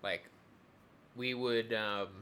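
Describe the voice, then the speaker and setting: A man's voice: on the low side, fairly even intonation, drawn-out words, a bit bright, a little hiss or hum. A young adult man in casual conversation, rambling with many fillers and restarts. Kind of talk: casual chat.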